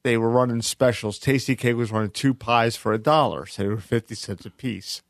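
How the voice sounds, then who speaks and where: A man's voice: mid-range voice, fairly quick, no echo, studio quality. A man co-hosting a podcast, telling a long story to friends, laughing and acting out the voices of the people in it. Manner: animated storyteller, acts out voices, laughs a lot. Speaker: podcast co-host. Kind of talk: casual storytelling among friends.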